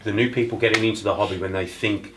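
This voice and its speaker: Low-voiced man moderating a casual panel. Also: fairly even intonation, fast, background noise. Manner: easygoing, encouraging, hands turns to others. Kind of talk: casual round-table chat.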